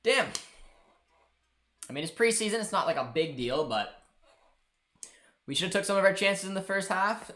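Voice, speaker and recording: A man's voice: high-pitched, animated, normal speed, long pauses, bright, forceful tone. A man hosting a live football watchalong stream, chatting casually and rambling to his viewers and producer. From Canada. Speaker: host. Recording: faint music behind.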